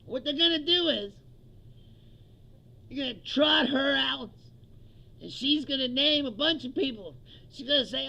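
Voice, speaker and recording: A man's voice: extremely high pitch, expressive, unhurried, vocal fry, long pauses, bright, forceful tone, highs cut off. A male comedian ranting about politics, profane and mocking, laughing often and acting out what others said. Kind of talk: stand-up style political rant.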